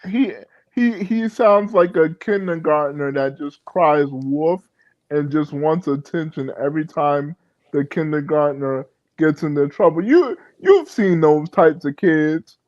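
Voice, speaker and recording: A man's voice: on the high side, animated, unhurried, a little mellow, no room sound. A man co-hosting a casual livestream chat, stammering and repeating his words. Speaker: livestream co-host. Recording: muffled lo-fi mic.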